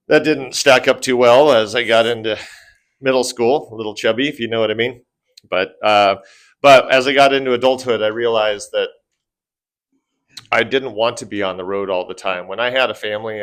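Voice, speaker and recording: A man's voice: lowish voice, normal speed, a bit bright. Conversational man sharing his story. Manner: conversational, with fillers. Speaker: financial advisor. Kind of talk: personal story told to a group. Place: event room with an audience.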